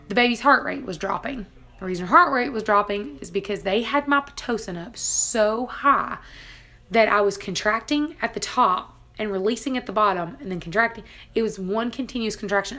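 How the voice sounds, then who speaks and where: A woman's voice: mid-range voice, sharp tone. A woman vlogger casually retelling a dramatic personal story, laughing now and then between lines. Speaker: family homestead vlogger.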